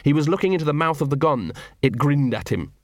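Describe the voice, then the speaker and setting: A man reading a novel aloud as an audiobook narrator, in a measured, dramatic storytelling manner. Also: a little high, lively intonation, no echo, clean studio sound. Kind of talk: scripted narration.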